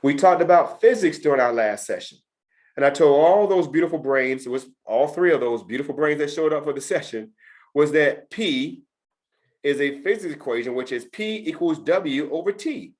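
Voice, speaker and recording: A middle-aged man with a fairly high, animated, slightly mellow voice lectures students at normal speed in a test prep session. He talks emphatically and keeps repeating his key points.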